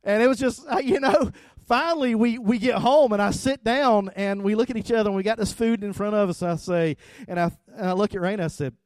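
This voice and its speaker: Middle-aged preacher guy, high-ish voice, chatty sermon, dry close sound. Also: brisk, no room sound. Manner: conversational, storytelling, rising to loud animated retelling. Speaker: pastor.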